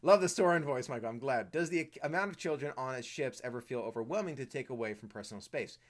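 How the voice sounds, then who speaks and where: Man, live stream host, reads comments aloud, chatty, mid pitch. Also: fast talker. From Washington, D.C. area.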